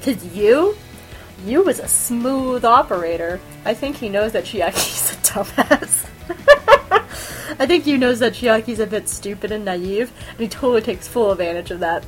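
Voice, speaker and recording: A woman's voice: a little high, unhurried, soft background music. Giggly, gushing woman podcast host. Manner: excitable, giggly, gushing fangirl. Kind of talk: casual anime review chat.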